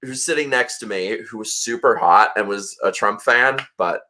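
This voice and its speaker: A man hosting a casual livestream chat, telling a story in an animated way and swearing freely. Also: lowish voice, normal speed. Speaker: host.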